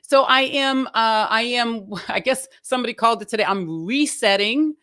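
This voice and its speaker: A woman singer answering interview questions in a relaxed way, with lots of fillers and pauses as she searches for words. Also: fairly high pitch. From Cape Verdean community, New Bedford area. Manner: many fillers, searching for words, quick laughs. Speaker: singer and entertainer, interview guest.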